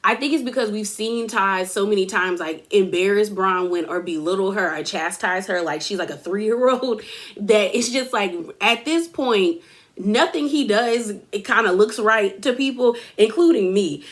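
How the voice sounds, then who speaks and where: A woman's voice: medium pitch, normal speed. A woman hosting a casual reality TV recap, chatty and full of fillers, laughing as she tells it. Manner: chatty, filler-heavy, laughs while telling. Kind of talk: casual episode recap and commentary.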